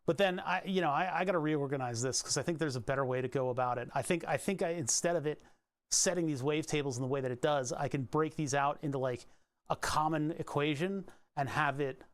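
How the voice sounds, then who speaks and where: A man with a somewhat high voice hosts a casual live stream. He talks his way through code out loud, rambling and restarting his sentences and drifting into asides. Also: a little fast. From Pennsylvania, USA.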